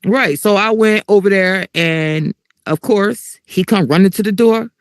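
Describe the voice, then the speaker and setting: A middle-aged woman hosting a podcast, telling a story in a blunt, animated, casual way with big swings in her voice. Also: medium pitch, a little slow. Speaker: podcast host.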